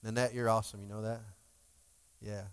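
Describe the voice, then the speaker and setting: A man's voice: on the low side, level tone, fairly quick, smooth. A male pastor giving a sermon in a conversational, emotional way, joking with his congregation. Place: church sanctuary. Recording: long hall reverb.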